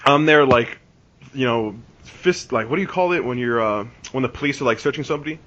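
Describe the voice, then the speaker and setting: A man's voice: mid-range voice, brisk, fairly bright tone. Rambling man on a lo-fi podcast. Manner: rambling, full of "like" and restarts. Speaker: podcast host. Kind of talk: casual storytelling. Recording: dull lo-fi podcast recording.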